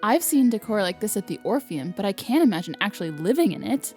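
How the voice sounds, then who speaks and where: A woman reads a visual novel's first-person narration for a let's play, even and unhurried, her voice sitting at an ordinary middle pitch. Soft game music runs faintly underneath. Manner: reads narration evenly, laughs between lines. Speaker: let's player. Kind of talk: reading a visual novel aloud.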